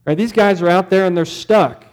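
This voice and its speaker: A man's voice: high voice, normal speed. A male pastor giving a sermon in a conversational way, often putting questions to the congregation.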